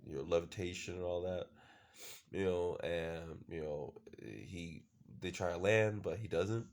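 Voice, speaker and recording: A man's voice: deep voice, unhurried. A man casually recapping a show episode, rambling with lots of fillers and the odd swear word. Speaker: show reviewer.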